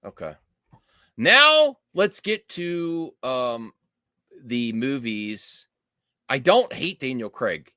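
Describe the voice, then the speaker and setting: A man hosting a podcast, chatting casually about movies with animated, opinionated rants and quick asides. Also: fairly high pitch, no echo, studio quality. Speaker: podcast host.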